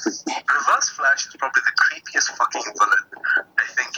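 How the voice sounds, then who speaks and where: A man's voice: mid-range voice, wildly swooping pitch, moderate pace, background noise. A man as a podcast guest in casual chat, laughing and swearing a lot.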